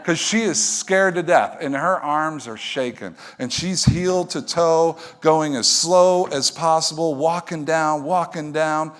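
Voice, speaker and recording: A middle-aged man telling a story to an audience as a motivational speaker, animated, swinging from hushed to loud. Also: fairly high pitch, slow pace, few pauses.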